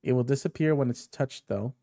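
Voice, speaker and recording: Guy reading a calm curious genius scientist, matter-of-fact, mid-pitched, dry sound. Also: brisk, no echo, lightly acted.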